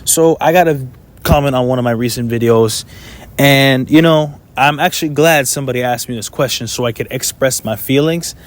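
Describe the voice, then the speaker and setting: A man's voice: medium pitch, moderate pace. A young man, talking casually to camera in a blunt, swearing monologue full of "you know" fillers. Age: 20s. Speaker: vlogger.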